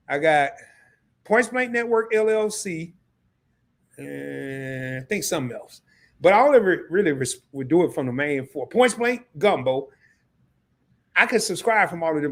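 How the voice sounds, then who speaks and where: Excitable man hosting a live stream. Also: sits high. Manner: excitable, talks straight to the chat; repeats himself, restarts often. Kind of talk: casual live stream chat.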